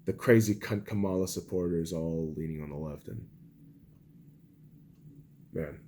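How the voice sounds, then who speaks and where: A young man hosting a podcast, delivering an angry, profane political rant that swings between shouting and low muttering. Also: a little slow, a little hiss or hum. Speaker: podcast host.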